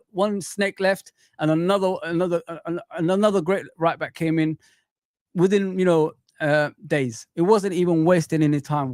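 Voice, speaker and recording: Young guy on a fan stream, kinda high voice, dry close sound, all hyped up saying stuff twice. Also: darkish tone, dry recording. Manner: hyped, exclamatory, repeats words for emphasis. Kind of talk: excited live-stream chat.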